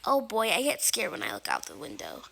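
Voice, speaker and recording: A woman narrating her game role-play with dramatic, excitable and often frightened exclamations. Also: mid-range voice, fairly quick, vocal fry, slight background noise. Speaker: game player.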